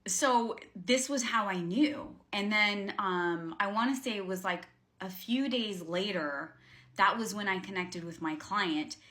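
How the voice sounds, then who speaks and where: A woman's voice: mid-range voice, a little slow, a bit bright. A woman coaching viewers in a casual, rambling vlog, speaking earnestly with lots of fillers and restarts. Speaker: spiritual coach. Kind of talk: casual talking-to-camera vlog.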